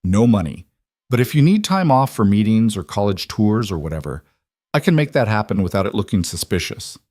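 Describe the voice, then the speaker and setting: A calm, wealthy single father, played by a man, speaking low and steady. His reassuring voice sits close and dry. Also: fairly quick, dry recording.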